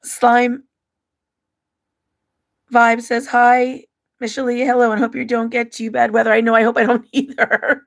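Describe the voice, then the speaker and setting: Woman with a gravelly, fry-laced voice. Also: on the high side, little pitch movement, a little slow, pauses often. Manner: softly reads out viewer comments and her own writings, emotional and open. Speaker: livestream host. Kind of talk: casual livestream chat and reading personal letters aloud.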